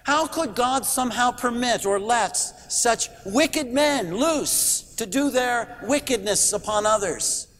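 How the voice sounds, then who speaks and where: A man's voice: extremely high pitch, expressive, slow, hardly any pauses, fairly bright tone, big-room sound, a little hiss or hum. A middle-aged man preaching a sermon in a church, earnest and emphatic, posing rhetorical questions. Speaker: pastor.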